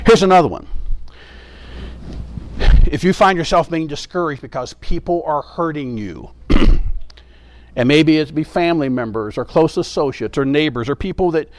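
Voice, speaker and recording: A man's voice: on the high side, lively intonation, moderate pace, long pauses. A man preaching a sermon in an earnest way, repeating his key phrases for emphasis.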